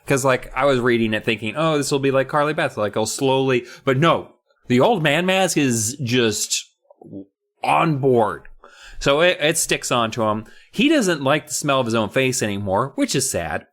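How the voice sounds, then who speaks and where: A man's voice: mid-range voice, expressive, normal speed, fairly bright tone. A man co-hosting a podcast, casually recapping a spooky book in a chatty, joking, swearing way. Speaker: podcast co-host.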